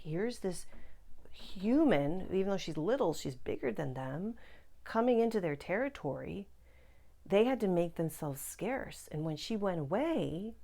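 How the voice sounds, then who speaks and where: A woman with a notably low voice hosts a casual spiritual vlog. She talks straight to her viewers, chatty and earnest, with gushing asides. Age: adult parent. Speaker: psychic and spiritual-growth video host. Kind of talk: casual direct-to-camera vlog talk.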